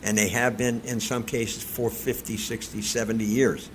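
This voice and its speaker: A man's voice: fairly low pitch, level tone, moderate pace, noisy background. A man co-hosting a talk radio show, speaking in a plainspoken, opinionated, conversational way. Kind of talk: casual talk radio chat.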